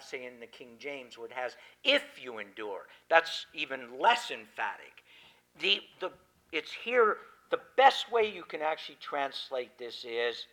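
A man preaching a sermon on scripture, swinging between loud emphatic declarations and quiet asides. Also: a little high, poor audio.

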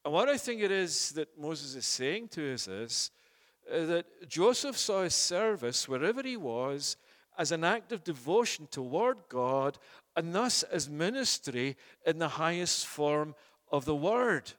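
A man's voice: on the high side, big pitch swings, measured pace, a bit bright, long reverb tail. A male preacher giving an expository sermon in a church. He is emphatic, uses rhetorical questions and often repeats words.

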